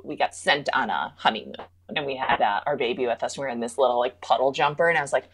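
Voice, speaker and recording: A woman's voice: rumbling low, quick pace, slightly rough. A woman in her thirties co-hosting a casual podcast, candid and darkly funny. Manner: candid, dark deadpan humor. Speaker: podcast co-host.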